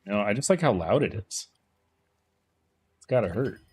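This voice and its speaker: A man streaming a game, chatting casually and playfully teasing his chat, often dropping into quiet muttering. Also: fairly low pitch, lively intonation, normal speed, husky. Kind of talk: casual live-stream commentary.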